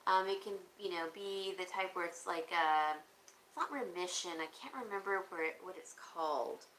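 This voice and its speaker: Answering viewer comments during a livestream auction, a woman rambles in casual chat. Her voice is on the low side and a bit bright, at a moderate pace, in an echoey room with faint noise behind her.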